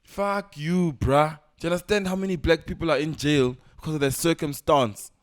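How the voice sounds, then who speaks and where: A man's voice: on the high side, normal speed. Fired-up South African guy on a podcast. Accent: South African English. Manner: animated, swears a lot, acts out quoted voices. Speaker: podcast co-host. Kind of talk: heated casual podcast chat. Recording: muffled sound from a camera's built-in mic.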